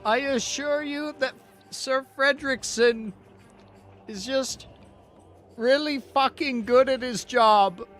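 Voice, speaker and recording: A man's voice: extremely high pitch, slow, a bit bright, faint music behind, voice pushed up, full character voice. A man voicing an impatient male enemy herald who presses hard and swears.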